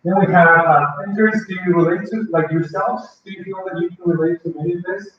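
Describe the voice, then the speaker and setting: This high-pitched man keeps a steady tone and a brisk pace while leading a language-learning workshop before a live crowd. He talks in a conversational way, often turning questions to the audience. Slight background noise sits under an echoey, dull recording from a faraway mic.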